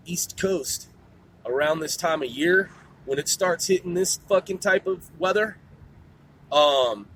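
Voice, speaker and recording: A man's voice: fairly high pitch, fairly bright tone, a little hiss or hum. A man hosting his own show in a rambling, casual monologue, swearing constantly. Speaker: podcast host.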